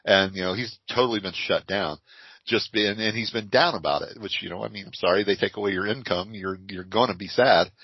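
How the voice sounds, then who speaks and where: Low-voiced older man telling stories. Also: a little fast, husky, dry recording. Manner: lively storyteller with frequent laughs. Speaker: podcast co-host. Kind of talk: casual podcast chat. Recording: dry, dull lo-fi audio.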